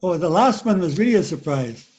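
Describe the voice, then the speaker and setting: A man's voice: sits high, lively intonation, fairly quick, a little mellow. An older man, the host's father, chatting casually in an easygoing, folksy way and laughing often. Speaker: father of the host. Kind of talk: casual family chat. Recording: dull lo-fi sound.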